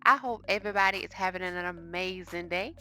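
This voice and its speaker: Low, bright-voiced woman vlogging her cooking. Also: brisk, soft background music. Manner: chatty, talks straight to viewers. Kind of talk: casual cooking vlog chat. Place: home kitchen. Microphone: phone camera.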